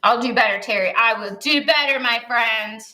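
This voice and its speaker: Southern woman chatting while she paints, bright sharp voice, teasing and laughy. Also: on the high side, normal speed. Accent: Southern American twang. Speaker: painting show co-host. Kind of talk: casual chat while painting.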